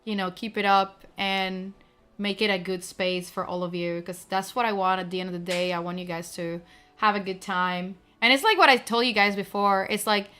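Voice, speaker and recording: A young woman streamer talks to her viewers with a medium-pitched, slightly bright, clean voice, fairly even intonation and a moderate pace. The chat is casual but emotional; she gushes, sounds close to tears, and uses many fillers.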